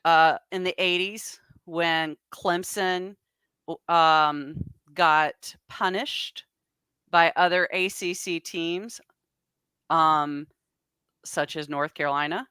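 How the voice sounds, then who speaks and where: A woman in her fifties hosting a casual panel chat, unhurried and mixing in French words. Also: lowish voice, fairly even intonation, sharp tone, smooth, dry recording. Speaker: podcast host.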